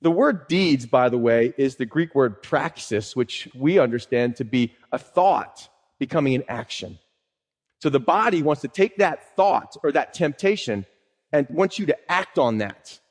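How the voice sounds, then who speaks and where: A man's voice: mid-range voice, animated, a little slow. A man pastor preaching a sermon in a conversational teaching way, quoting scripture and asking rhetorical questions. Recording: long hall reverb.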